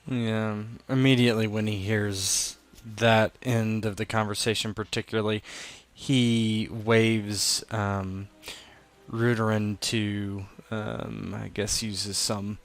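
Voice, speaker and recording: Man player, very slow and gravelly, deliberate. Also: lowish voice, level tone. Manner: halting, deliberate. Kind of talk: tabletop game play.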